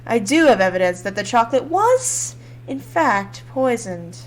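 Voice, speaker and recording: A woman voicing a flustered male bird defense lawyer, reading game dialogue in a low, hesitant, sheepish way. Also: sing-song, measured pace, faint music behind, poor audio.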